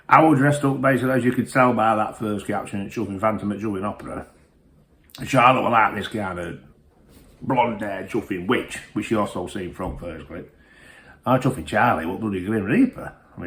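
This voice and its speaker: Bloke reviewing whisky, lowish voice swinging all over, swears every other word. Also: male voice, a bit bright. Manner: peppers every phrase with mild swearing, rambling and boisterous. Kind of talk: comic storytelling review.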